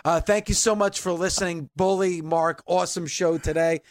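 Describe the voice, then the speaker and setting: Guy hosting a podcast, high voice, dry mic, calm wrap-up. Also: dry recording. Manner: measured, sums up then reads outro. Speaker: podcast host.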